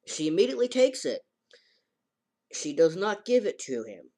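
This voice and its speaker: Rambling male reviewer, casual recap, halting delivery. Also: high voice, sing-song, darkish tone. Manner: rambling, halting, with many fillers and restarts. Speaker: anime reviewer.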